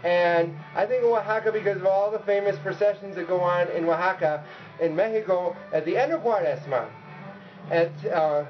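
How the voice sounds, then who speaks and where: A man's voice: high-pitched, a little fast, lo-fi sound, soft background music. A man hosting his own casual cooking vlog, chatty and joking, upbeat. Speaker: cooking show host.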